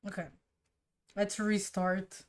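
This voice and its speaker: A woman streamer thinking aloud to herself while drawing, trying colors and musing in a relaxed, casual way. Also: mid-range voice, takes it slowly. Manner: musing to herself, trial and error, soft laughs.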